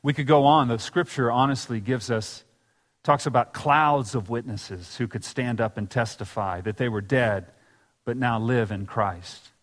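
A man's voice: medium pitch, a little slow, in a large hall. A man preaching a sermon in a church, telling scripture stories and acting out the quoted lines. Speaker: pastor. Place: church sanctuary.

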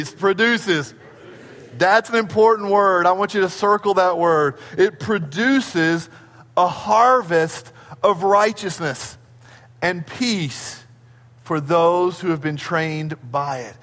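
A middle-aged man preaching a sermon as a pastor, telling stories in an animated way. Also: unhurried. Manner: animated storytelling, acting out his children in high squeals. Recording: long hall reverb.

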